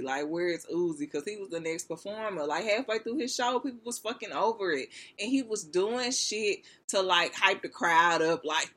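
A woman vlogger in a casual gossip rant, animated and expressive, full of slang and fillers. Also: lowish voice.

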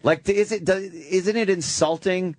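A man co-hosts a casual podcast with a blunt, crude, joking manner. His voice sits a bit high for a man and sounds close and dry, with no room around it. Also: moderate pace, no room sound. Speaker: co-host.

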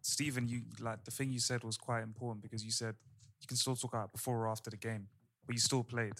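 A man's voice: mid-range voice, little pitch movement, fast, a bit bright. A man co-hosting a podcast, making emphatic points in casual group discussion. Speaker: podcast co-host.

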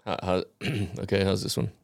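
Podcast co-host, man, mid-pitched gravelly voice, laughs a lot, dry close mic. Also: brisk, dry recording. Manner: self-deprecating, laughs often, hesitant restarts. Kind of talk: casual comedic chat.

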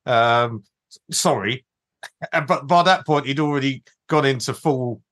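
A man's voice: mid-range voice, unhurried, fairly bright tone. A man co-hosting a comedy podcast, making dry remarks in casual chat while he is losing his voice. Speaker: podcast co-host.

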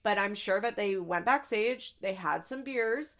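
A young adult woman hosting a podcast, recapping in a chatty, profane, casual way with quick asides into a studio mic. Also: mid-range voice, fairly bright tone. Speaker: podcast host.

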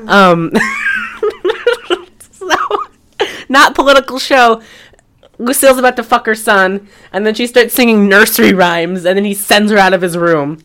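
Animated laughing woman podcast co-host. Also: fairly high pitch, a little slow, pauses often. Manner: laughs often, swears freely, animated retelling. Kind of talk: casual chat recapping a film.

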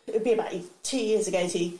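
A woman in her thirties, a comedian, telling lively family anecdotes in casual chat, breaking into quick voice impressions. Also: medium pitch, roomy sound, rough recording. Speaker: guest comedian.

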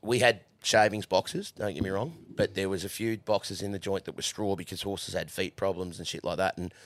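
Guesting on a casual studio podcast, this Australian man has a voice that sits low, with no room sound. He's a profane, laughing storyteller, recounting tales from the horse stables and swearing freely.

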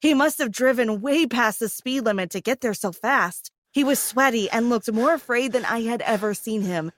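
A woman narrating a scripted first-person story in a calm, even way. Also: on the high side, moderate pace, dry recording, clean studio sound.

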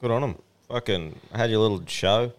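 A man's voice: on the low side, normal speed, smooth. An Australian man co-hosting a podcast, chatting in a laid-back, swearing way and laughing often. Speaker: podcast co-host. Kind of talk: casual chat.

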